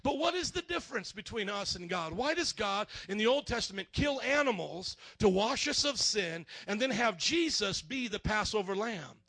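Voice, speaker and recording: A male pastor delivers a sermon in church, animated and joking as he speaks straight to his congregation. His voice sits very high for a man and rings bright. The sound is dry and close. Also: normal speed, hardly any pauses, dry recording.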